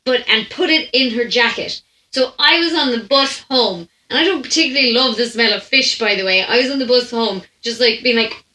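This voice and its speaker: A woman's voice: fairly high pitch, fairly quick, pushed and bright. A young Irish woman hosting a storytime podcast, chatting animatedly, laughing often and breaking off mid-sentence. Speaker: podcast host. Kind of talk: storytime anecdote chat. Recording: roomy echo.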